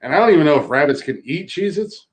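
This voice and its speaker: A man's voice: on the high side, sing-song, fast. Rambling, joking male podcast host. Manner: joking storyteller, rambling, laughs often. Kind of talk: casual chat.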